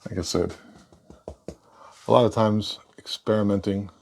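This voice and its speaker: A man giving a casual painting lesson, relaxed and thinking aloud as he works. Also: fairly low pitch, unhurried, creaky. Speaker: painting instructor.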